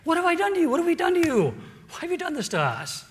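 A preacher voicing an indignant ancient king who protests in a high, pleading voice. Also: huge pitch swings, quick pace, long reverb tail, full character voice.

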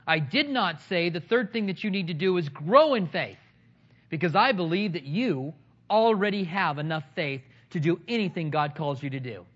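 A man with a high, light voice preaches to his congregation, mixing scripture with humorous, animated anecdotes. The recording sounds slightly dull and lo-fi. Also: normal speed. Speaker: pastor. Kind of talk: sermon.

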